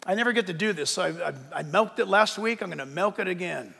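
An older man preaching a sermon as pastor, animated and emphatic, joking as he goes. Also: sits high, fast talker, creaky, hardly any pauses, slightly rough, in a large hall.

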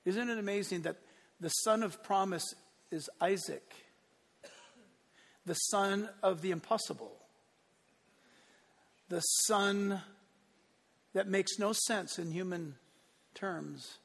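A man preaching a sermon, telling the story with lively acted-out voices and building to impassioned peaks. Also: high-pitched, takes it slowly, vocal fry, pauses often, long reverb tail. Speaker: pastor.

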